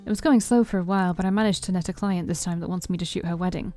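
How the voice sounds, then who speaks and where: A woman's voice: fairly low pitch, steady tone, very fast, warm tone, faint music behind, close to an everyday voice. A woman reading the lines of a cheerful, teasing young woman photographer while playing a story game. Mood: upbeat. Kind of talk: reading a visual novel aloud.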